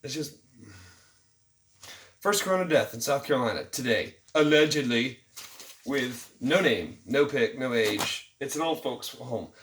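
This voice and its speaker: A man's voice: mid-range voice, lively intonation, a little slow, pauses often, a bit bright, a little hiss or hum. A man, ranting about the news in a mocking, irritated vlog with jokey asides. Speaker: vlogger. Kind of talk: sarcastic news commentary rant. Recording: roomy, distant from the mic.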